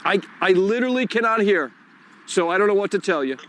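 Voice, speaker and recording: A man's voice: sits high, lively intonation, brisk, a bit bright, a little hiss or hum. A man hosting a live call-in stream outdoors, swearing and muttering in frustration as he fixes his tech. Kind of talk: live-stream rant while fixing tech.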